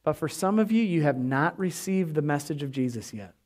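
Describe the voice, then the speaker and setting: A male pastor preaches with an animated, emphatic delivery and hammers key phrases through repetition. His voice sits high for a man. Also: fairly quick. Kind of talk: sermon.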